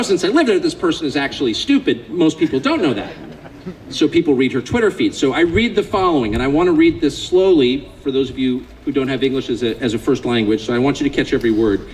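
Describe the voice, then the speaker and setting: A man's voice: a little high, a little hiss or hum, poor audio. An American man giving a public speech to a live audience, sardonic and joking, growing more impassioned as he goes. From United States. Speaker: invited speaker.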